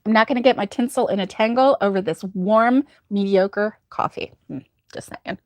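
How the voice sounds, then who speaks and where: A woman's voice: medium pitch, normal speed, no echo, clean studio sound. A woman hosting a crochet livestream, chatting casually with viewers, rambling and laughing often. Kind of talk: casual chat reading viewer comments.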